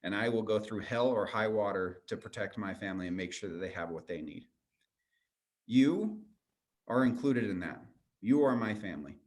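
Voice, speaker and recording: A man's voice: on the low side, animated, normal speed. A man speaking as a guest on a call, giving an earnest, persuasive motivational talk that addresses listeners directly. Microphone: video call.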